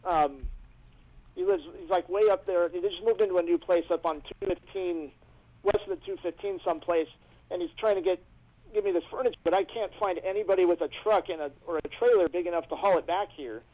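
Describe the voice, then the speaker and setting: Man, phone caller, high voice, quick talk, dull lo-fi line. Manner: chatty, storytelling. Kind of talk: casual chat.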